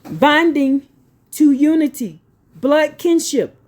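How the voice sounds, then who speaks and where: A woman reading religious notes slowly, then breaking into blunt, profane, scolding asides. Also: sits high, lively intonation. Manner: slow deliberate reading broken by scolding rants. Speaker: religious teacher.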